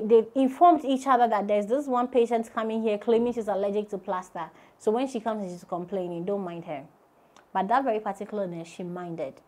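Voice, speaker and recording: A woman with a Ghanaian accent hosting and telling her own story in an earnest, conversational way, her voice dropping soft and low at the sad parts. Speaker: host. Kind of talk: personal storytelling to camera.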